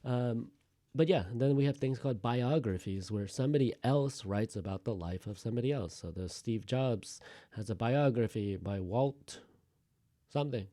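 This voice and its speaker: A man teaching a class in an easygoing, talkative way, with throwaway jokes and bits of thinking out loud. His voice sits at a medium pitch. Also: normal speed. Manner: chatty, joking asides, thinks aloud. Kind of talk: classroom lecture.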